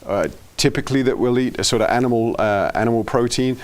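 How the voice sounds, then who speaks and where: A man, the interviewer, speaking hesitantly with frequent pauses in a conversational interview. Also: mid-range voice. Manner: hesitant, many fillers.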